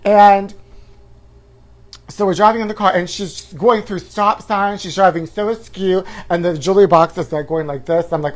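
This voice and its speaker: A man hosting a live-stream chat show, campy and flamboyant, calling viewers honey and letting out shrill woos. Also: normal speed. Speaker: host.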